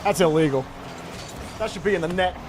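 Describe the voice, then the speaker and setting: A man casting a live-streamed esports match, joking and chatting with viewers in an excitable way. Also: sits high, brisk, noisy background. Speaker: game commentator and streamer.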